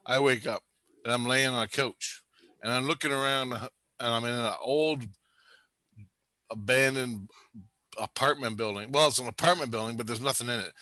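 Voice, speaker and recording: A man's voice: mid-range voice, normal speed, pushed and bright, no echo. A man telling a rambling, profane story in casual chat, laughing often.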